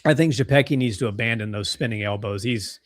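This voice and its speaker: Young male co-host, casual live fight commentary, excitable, mid pitch, dry close mic. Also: fast talker, dry recording. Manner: excitable, gasping at big strikes. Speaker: co-host of a fight watch-along stream.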